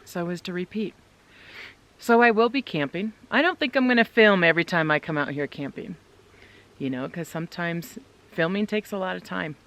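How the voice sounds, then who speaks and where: A woman on a solo winter camping trip talks straight to her viewers from inside her tent amid snowy woods, casual and upbeat. Her pitch is fairly low and a bit bright, at a normal speed.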